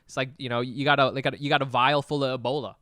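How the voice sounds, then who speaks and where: A man's voice: medium pitch, flat delivery, fast, sharp tone, clear, resonant tone, no room sound, clean studio sound. A man co-hosting a comedy podcast, joking casually, rambling through analogies and laughing often. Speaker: podcast co-host.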